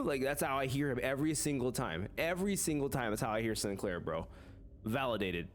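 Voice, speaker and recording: A man's voice: mid-range voice, animated, moderate pace. A man reading game text aloud and reacting, in a jokey, dramatic way. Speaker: gaming YouTuber.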